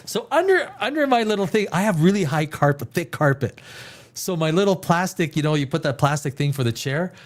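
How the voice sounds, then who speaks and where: A podcast host sits at his desk in a home room, running a live stream show in a slightly high, expressive voice at a brisk pace. He rambles casually with sarcasm, drops the odd curse, and imitates others in put-on voices to mock them.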